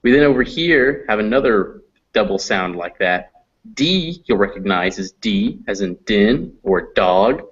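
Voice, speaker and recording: Man, American accent, low voice, phonetics lecture, slow demonstrated sounds, muffled lo-fi sound. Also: lively intonation, fairly bright tone, slightly rough. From United States. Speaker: phonetics teacher. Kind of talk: classroom lecture. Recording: dull lo-fi classroom recording.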